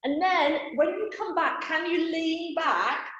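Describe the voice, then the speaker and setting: A woman's voice: extremely high pitch, takes it slowly, a bit bright, dull audio. A woman leading a live children's yoga class, giving playful, encouraging step-by-step cues. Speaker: kids yoga teacher. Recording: very echoey room.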